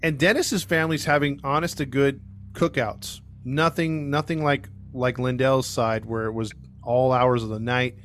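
Animated man telling a true crime story. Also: medium pitch, moderate pace, a little hiss or hum. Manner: animated, acts out quoted people, laughs often. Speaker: true crime podcast host. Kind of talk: casual storytelling.

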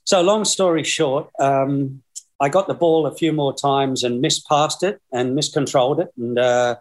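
This is a mid-range, unhurried male voice belonging to an Australian man in his sixties. Appearing as a guest on a video call, he spins long, rambling yarns and chuckles throughout in easygoing storytelling.

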